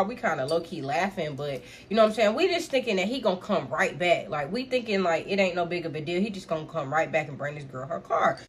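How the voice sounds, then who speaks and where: A young woman vlogger telling a casual, animated storytime in slang, talking straight to her viewers. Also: medium pitch, brisk, slight background noise.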